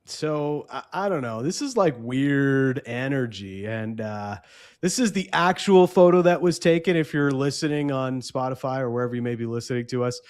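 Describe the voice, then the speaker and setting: Animated man co-hosting a sports podcast. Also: mid-range voice, normal speed, clean tone. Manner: animated, slips into mock voices when quoting others. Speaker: podcast co-host. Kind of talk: casual sports podcast chat.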